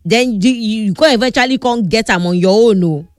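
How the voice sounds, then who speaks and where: Speaking at normal speed in a slightly high voice, this woman vlogs casual advice in Nigerian Pidgin. Her tone is blunt and scolding, with emphatic repetition to drive points home. Her voice is dry and close, with no room sound and faint music underneath.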